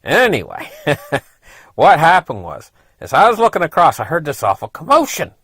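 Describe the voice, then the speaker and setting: A man's voice: on the high side, huge pitch swings, normal speed, a bit bright, slightly rough, no echo. A middle-aged man casually telling a personal story, rambling along with lots of "you know" and frequent chuckles.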